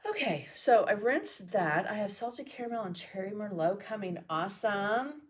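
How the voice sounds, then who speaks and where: A woman's voice: mid-range voice, lively intonation, normal speed, slightly rough. A chatty middle-aged woman teaching a live painting lesson, talking viewers through each brush step. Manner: chatty, greets viewers and coughs and laughs between steps.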